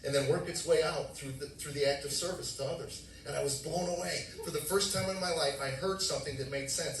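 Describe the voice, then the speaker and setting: A man in his forties tells his testimony from the pulpit, acting out old conversations and jumping into sudden loud bursts. He talks fast, in a voice of middle pitch. The sound is roomy and echoey, picked up from some distance. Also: slight background noise. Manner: animated storytelling, acting out dialogue with sudden loud outbursts. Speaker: preacher giving testimony. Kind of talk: sermon testimony. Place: church sanctuary. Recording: echoey room, mic at a distance.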